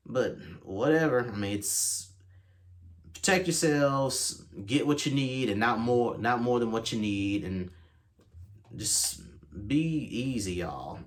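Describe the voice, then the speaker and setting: A man hosting his own podcast, delivering a casual solo rant that is animated and exasperated, with big jumps in pitch. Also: a little slow. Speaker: podcast host.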